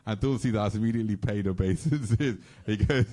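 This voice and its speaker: Man, low voice, storyteller, animated, acts out the characters at a temple gathering. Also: brisk. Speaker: devotee telling stories at a temple festival. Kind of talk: storytelling talk. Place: temple hall.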